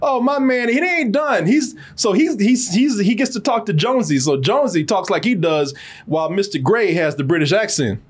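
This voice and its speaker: A man hosting a casual movie review podcast, animated and profane, laughing often and slipping into funny voices. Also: high voice, normal speed, husky. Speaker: podcast host.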